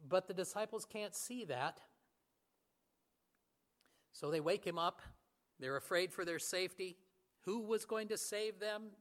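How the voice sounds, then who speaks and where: A man delivers a sermon in a fairly high voice. He talks earnestly and stumbles over a few fillers. He often slows down and sinks to a near whisper on key words. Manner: earnest, with fillers and restarts, voice swings between hushed and raised. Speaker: pastor.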